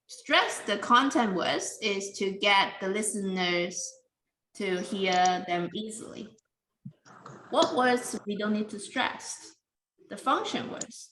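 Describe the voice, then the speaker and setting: A woman teaching English pronunciation in a careful, deliberate way, with simple non-native grammar. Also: medium pitch, a bit bright, echoey room, slight background noise, rough recording. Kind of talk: slow classroom explanation.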